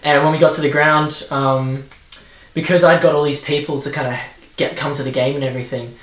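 A man's voice: fairly high pitch, flat delivery, fairly quick, fairly bright tone, roomy sound. A man with an Australian accent, co-hosting a casual football chat and telling stories with plenty of fillers. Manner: chatty storyteller, lots of fillers. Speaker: podcast co-host.

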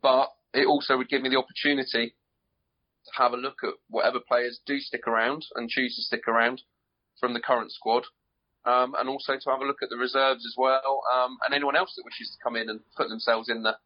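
A man talks as a podcast guest about running his club, measured and hesitant with frequent ums. The audio is dull and lo-fi. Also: medium pitch, little pitch movement. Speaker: guest, football club manager. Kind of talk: casual interview. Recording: dull lo-fi sound.

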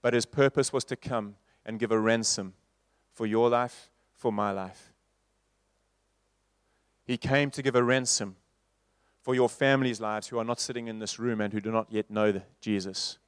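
A man preaching a sermon in a church, moving from loud repeated refrains to soft, slow passages. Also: mid-range voice, fairly even intonation, dry recording, studio quality. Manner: rhetorical, building to loud repeated refrains then dropping soft.

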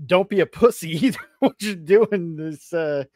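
A man's voice: fairly high pitch, moderate pace, darkish tone, no echo, clean studio sound. A married man chatting as a podcast guest, easygoing and joking, often laughing. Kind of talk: casual podcast chat.

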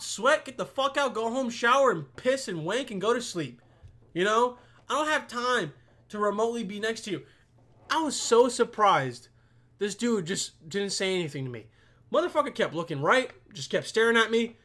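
A young male vlogger rants to a camera perched on his computer, rambling and swearing constantly. His voice is high-pitched, expressive and pushed bright, moving at a normal speed.

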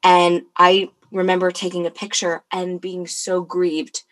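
A young woman hosting a podcast, talking candidly and animatedly in casual conversation, with quick laughs. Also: on the low side, completely flat delivery, a bit bright.

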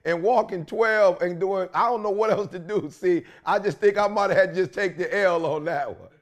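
A fairly high-voiced man co-hosts a podcast in relaxed conversation. He spins lively, slangy stories about his day. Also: normal speed. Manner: animated storytelling with slang. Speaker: podcast co-host. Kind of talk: casual chat.

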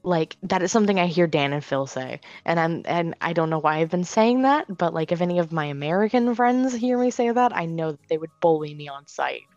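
A woman with a somewhat low voice chats casually on a podcast, rambling through her points with many fillers and restarts. The sound is dull and lo-fi with a dry, close feel and faint music. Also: expressive, brisk, hardly any pauses, darkish tone, no room sound. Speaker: podcast co-host.

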